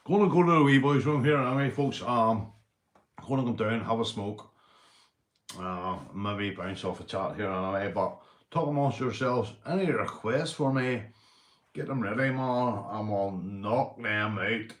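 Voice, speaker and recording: A man's voice: lowish voice, measured pace. A Northern Irish man chatting casually on a live stream, slangy and swearing freely, calling everyone mate. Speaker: livestreamer. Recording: roomy echo.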